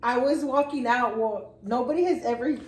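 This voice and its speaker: A woman with a high, bright voice chats casually and tells stories with lots of laughter and frank swearing. The room around her is echoey. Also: normal speed. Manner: laughing storyteller, swears freely. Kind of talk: casual chat.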